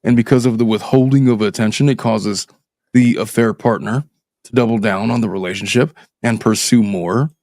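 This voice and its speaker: A man's voice: fairly low pitch, fairly even intonation, normal speed, darkish tone, no room sound. A middle-aged man hosting a podcast as a divorce attorney, reading a listener's letter aloud and commenting with sardonic, profane asides. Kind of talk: casual podcast chat.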